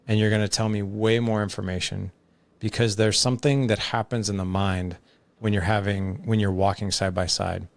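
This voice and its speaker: A man with a low, gravelly voice speaks as a podcast guest. He is a father who explains things earnestly through everyday examples and leans on casual fillers. The sound is close and dry, with no room around it. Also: no room sound.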